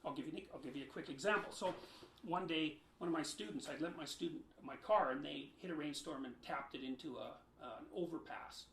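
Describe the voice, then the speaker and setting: Man, high voice, emphatic lecturing manner, interview answers, echoey room at home. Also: fairly quick. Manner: emphatic, lecturing, with sharp swings in loudness. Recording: roomy echo.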